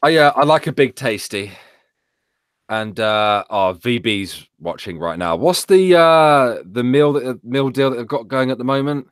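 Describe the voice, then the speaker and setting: Lively stammering British man. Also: mid-range voice, a little slow, clean tone, no echo, clean studio sound. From Britain. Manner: stammering, animated, jokey. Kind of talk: casual chat.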